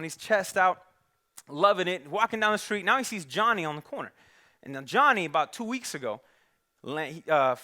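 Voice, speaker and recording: A male pastor tells a modern parable in a loose, conversational style, jumping into the characters' voices. His voice is high for a man, bright and forceful, and it carries well. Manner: animated, conversational, acts out characters. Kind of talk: storytelling sermon. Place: church.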